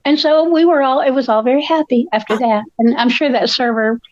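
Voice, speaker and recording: A woman's voice: sits high, fairly even intonation, brisk, no room sound, dull audio. An older woman, a co-host telling stories in casual chat, feisty and acting out the voices of the people she quotes.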